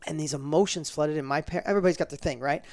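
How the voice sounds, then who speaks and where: Fast-talking, gravelly middle-aged man. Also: on the high side, a little mellow. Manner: fast, emphatic, acts out quoted dialogue, repeats words. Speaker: guest telling a personal story. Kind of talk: animated interview storytelling.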